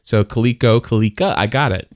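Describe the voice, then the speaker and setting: A middle-aged man hosting a podcast in casual conversation, telling stories and getting animated when he quotes people. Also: mid-range voice, brisk, no echo, clean studio sound. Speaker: podcast host.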